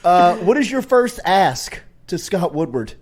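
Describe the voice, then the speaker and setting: A male show host, a father, asks questions with gushing enthusiasm. His voice is a little higher than most men's. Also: very animated, a little slow, crowd noise. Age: adult with a child. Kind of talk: interview questions.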